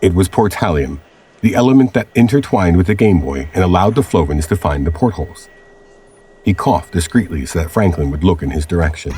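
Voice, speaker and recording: A man narrating a scripted audio adventure story in a measured storytelling manner. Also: low-pitched, animated, warm tone, a little hiss or hum.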